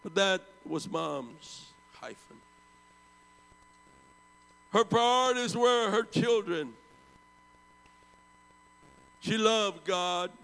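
A man in his seventies preaching a storytelling sermon, swinging from loud bursts down to hushed, low tones. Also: lively intonation, very slow, creaky, long pauses, clean tone, long reverb tail, poor audio. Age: 70s.

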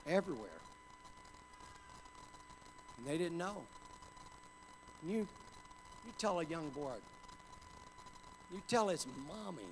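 A man preaching a sermon with passion, dropping to a hush and then building up to shouts. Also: on the high side, animated, takes it slowly, pauses often, background noise. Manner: impassioned, swings from hushed to shouting. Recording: hall reverb with faint ambience.

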